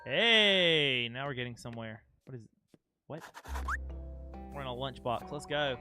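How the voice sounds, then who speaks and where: A man's voice: mid-range voice, steady tone, normal speed, over music. A young man streaming a game, chatting casually and playfully with his chat. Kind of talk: casual live-stream chat over gameplay.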